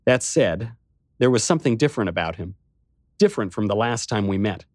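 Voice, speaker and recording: Low-voiced man narrating wryly. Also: expressive, fairly quick, no echo, clean studio sound. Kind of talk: first-person audiobook narration.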